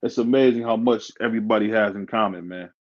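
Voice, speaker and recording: A man hosting a stream in casual chat, talkative and quick to laugh. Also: on the low side. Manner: chatty, laughs often. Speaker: stream host. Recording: dull lo-fi audio.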